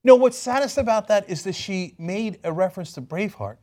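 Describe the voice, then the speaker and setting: A man with a slightly high voice talks through political news in a casual, animated way. He mocks the people he discusses and often slips into sing-song impressions of them. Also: a little fast. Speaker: co-host.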